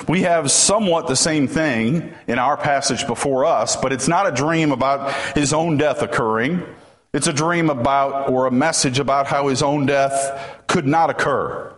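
A man preaching a sermon as a pastor, telling stories and building to emphatic points. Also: mid-range voice.

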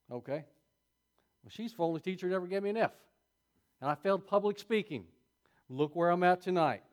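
Older guy preaching, reads scripture then chats to the folks, chuckles a lot, voice a bit high. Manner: folksy, laughs often, asides to the congregation. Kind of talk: sermon reading and commenting on scripture.

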